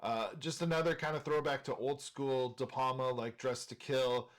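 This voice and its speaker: A man's voice: mid-range voice, steady tone, normal speed. A man from Minnesota hosting a movie channel, talking casually and enthusiastically while ranking film directors, with frequent filler words.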